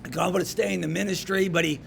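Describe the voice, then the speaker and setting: A man giving a storytelling devotional talk to a men's group in a pub, animated and swinging from loud emphasis to hushed asides. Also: sits high, quick pace, vocal fry, slight background noise. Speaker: men's ministry speaker. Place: pub room.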